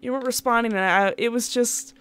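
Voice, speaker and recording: A woman's voice: fairly high pitch, brisk, a bit bright, clean tone, lightly acted. A woman reading as a fretful protective dad. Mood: worried. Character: worried single dad, protective and earnest. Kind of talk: reading game dialogue aloud.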